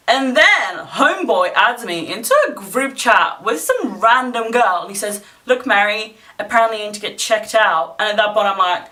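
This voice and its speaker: A woman's voice: medium pitch, expressive, fairly quick, few pauses, pushed and bright, far from the mic. A young woman vlogger casually retelling a story, blunt, sarcastic and full of swearing, recorded a bit away from the mic. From not from England, living there.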